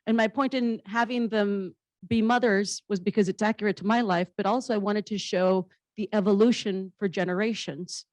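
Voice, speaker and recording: A woman's voice: mid-range voice, fairly even intonation, normal speed, darkish tone, no echo, poor audio. Blunt, humorous woman comedian, dry sound. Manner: blunt and humorous, swears casually. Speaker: comedian and actress on a panel. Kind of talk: candid conversational storytelling.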